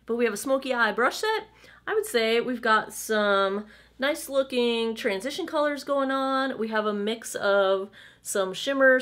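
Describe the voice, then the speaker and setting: A woman's voice: fairly high pitch, a bit bright. A woman in her thirties chatting casually through a makeup try-on, candid and playful with asides. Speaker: beauty vlogger.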